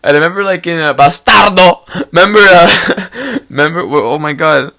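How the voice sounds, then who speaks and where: A young man hosting a casual podcast, loud and joking, swearing often and laughing easily. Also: fairly high pitch, expressive, normal speed, creaky. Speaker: podcast host.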